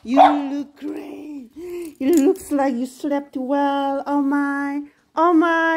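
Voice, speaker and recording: Slow, high-pitched cooing woman. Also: fairly even intonation, a little mellow. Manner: gushing, sing-song cooing at dogs. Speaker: pet owner vlogger. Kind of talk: baby-talk to pets.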